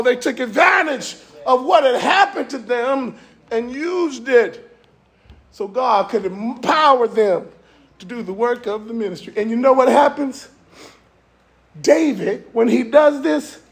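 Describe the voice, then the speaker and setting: Homem pregador gritando, voz aguda e rouca. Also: male voice, very high-pitched, creaky. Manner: call-and-response preaching, shouting in rising runs. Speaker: guest preacher. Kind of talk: black church sermon. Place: church sanctuary with congregation.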